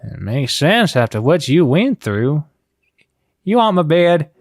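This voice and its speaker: A man voicing a gruff male bear who drawls and calls people "kid". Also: fairly high pitch, sing-song, takes it slowly, a little mellow, faint music behind, exaggerated voice. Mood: guarded. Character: gruff middle-aged male bear loner.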